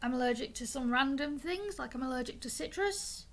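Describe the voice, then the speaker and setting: A woman's voice: high-pitched, expressive, a little fast, fairly bright tone. A young woman explaining things in a casual, chatty way, often stumbling and restarting words, with the hiccups. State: has the hiccups. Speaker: vlogger.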